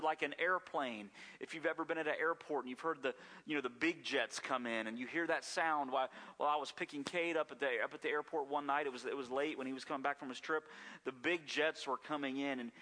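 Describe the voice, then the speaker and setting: A man's voice: a little high, pushed and bright, big-room sound. A man preaching a sermon as pastor, telling stories in a folksy way with frequent restarts and repeated words.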